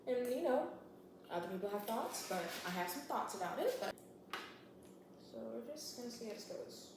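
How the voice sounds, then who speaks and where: Chatty woman in a very echoey room. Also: on the high side. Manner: chatty, slangy, animated retelling with quick voiced quotes. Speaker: book vlogger. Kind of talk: casual book recap while baking. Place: home kitchen. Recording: very echoey room with clear background noise.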